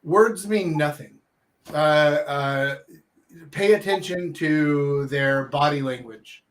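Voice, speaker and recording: A man's voice: on the high side, slow. A man hosting a casual talk show, giving dating advice and acting out quoted reactions with emphasis. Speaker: podcast host and dating coach.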